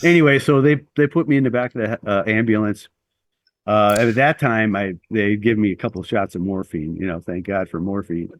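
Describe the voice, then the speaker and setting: Low-ish guy rambling through a story, lots of um and uh, self-deprecating, dry sound. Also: brisk, no room sound. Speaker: guest. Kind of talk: telling a personal story in an interview.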